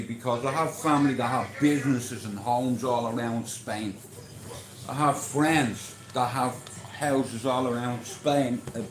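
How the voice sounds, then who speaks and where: A man's voice: medium pitch, roomy sound. An Irish man hosting a casual livestream, talking in a boastful, rambling way with plenty of swearing. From Ireland. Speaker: livestream host.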